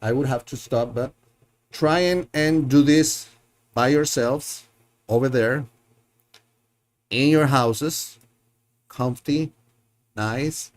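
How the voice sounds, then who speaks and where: A man's voice: medium pitch, slow pace, pauses often. A man teaching a live online Spanish lesson, patiently repeating words and drilling his learners, often correcting himself as he thinks aloud.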